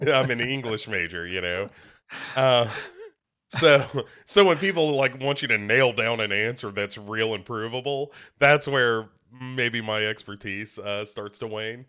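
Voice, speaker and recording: Here a young podcast co-host talks slowly in a medium-pitched voice that is bright, forceful, clear and resonant. There's a slight congestion to him, and his casual chat wanders, full of self-deprecation and false starts.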